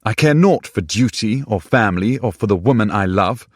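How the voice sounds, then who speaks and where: A man's voice: fairly low pitch, lively intonation, slow pace, vocal fry, darkish tone, slightly rough, dry recording, clean studio sound, heavily acted. A man reading an audiobook, voicing an earnest sixteenth-century knight who speaks in a formal, old-fashioned way. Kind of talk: audiobook character voice.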